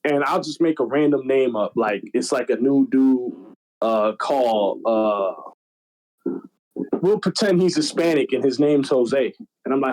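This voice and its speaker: A young man in casual podcast chat, telling stories in an animated, slangy, profane way. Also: medium pitch, moderate pace, poor audio. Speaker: podcast guest.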